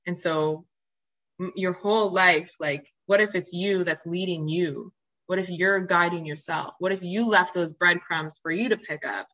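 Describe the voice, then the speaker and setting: A woman guest on a podcast tells her own story in a candid, earnest way, often restarting her sentences and filling pauses. Her voice sits a little low and comes across bright and forceful. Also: dull audio. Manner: open, earnest, frequent fillers and restarts. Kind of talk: candid personal storytelling in interview.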